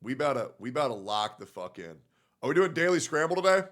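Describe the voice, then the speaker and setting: A young male streamer talking to his chat in a middle-pitched voice, casual and profane. He leans on fillers like "like" and trails off into low mutters between reactions. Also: big pitch swings, quick pace, fairly bright tone.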